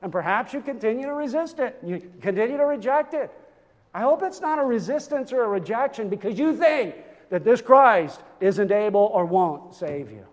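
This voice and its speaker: Male pastor, high voice, fervent sermon delivery, reverberant sanctuary. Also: animated, moderate pace, muffled recording. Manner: impassioned preaching with rhetorical questions and repetition.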